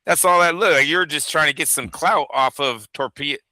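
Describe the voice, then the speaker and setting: A man's voice: a little high, normal speed, sharp tone, dry recording, rough recording. A man co-hosting a fight news show, giving blunt, opinionated takes with plenty of swearing. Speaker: boxing show co-host. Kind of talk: casual profane news chat.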